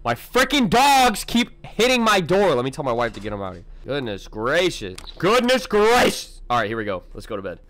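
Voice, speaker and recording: Excitable gamer guy, high and very animated, loud game music behind. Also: fairly quick, hardly any pauses, rough recording. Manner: excitable, yelling and talking to chat. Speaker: gaming video creator. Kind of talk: let's play commentary.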